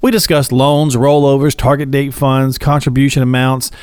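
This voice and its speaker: A man's voice: medium pitch, steady tone, normal speed, a little mellow, smooth, dry recording, studio quality. A man hosting a radio finance show, chatty and jokey, laughing easily. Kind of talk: casual radio talk show chat.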